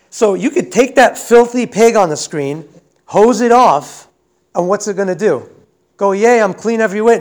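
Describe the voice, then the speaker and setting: A man teaching a Bible lesson in a sermon style, talking fast and conversationally and often checking in with the audience. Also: high voice.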